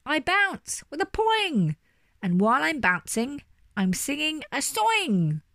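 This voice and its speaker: A woman's voice: medium pitch, expressive, normal speed, no echo, clean studio sound, lightly acted. Woman voicing a jack-in-a-box toy, male, playful, sing-song, storybook. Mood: cheerful sing-song.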